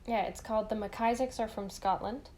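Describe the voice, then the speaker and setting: Chatty woman podcast co-host, fairly high voice. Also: steady tone, brisk, darkish tone. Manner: chatty, laughs often, swears casually. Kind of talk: casual chat.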